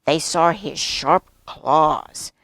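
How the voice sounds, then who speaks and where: A woman storyteller reading a picture book aloud to children, lively and asking them questions along the way. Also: sits low, very slow, dry recording, studio quality. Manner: animated, asks the children questions.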